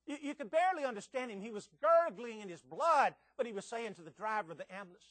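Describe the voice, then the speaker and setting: A man's voice: high-pitched, very animated, fast, a bit bright, no echo. A man preaching a sermon, earnest and emphatic, with pressing rhetorical questions.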